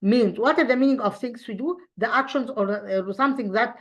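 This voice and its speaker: A woman teaching an English lesson to children online, talking haltingly with many fillers and restarts. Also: on the high side, highs cut off. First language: Arabic.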